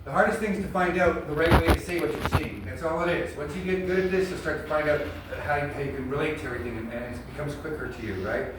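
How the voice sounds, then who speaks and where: Blunt acting teacher in an echoey room. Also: male voice, a little high, quick pace, hardly any pauses. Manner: blunt, animated, laughs often. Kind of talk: coaching an acting class. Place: large echoey studio room. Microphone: far camera mic. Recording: echoey room from a distance, noisy.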